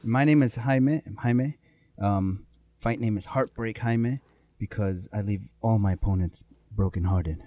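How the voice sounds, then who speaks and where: A man's voice: lowish voice, a little slow, mellow, no echo. A man guest who fights, making dry jokes in casual chat. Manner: dry, joking.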